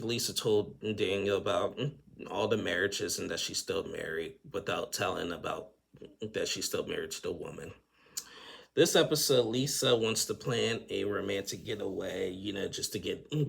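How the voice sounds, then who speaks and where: A man's voice: deep voice, vocal fry, a bit bright, breathy edge. A man giving a chatty, casual recap of a reality TV episode, laughing often between lines. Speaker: TV recap host.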